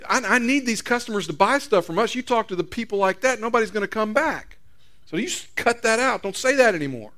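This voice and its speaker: A man's voice: sits high, expressive, a little fast, pushed and bright, voice pushed up. A man voicing a male pet-store manager scolding his parrot. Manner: stern, scolding.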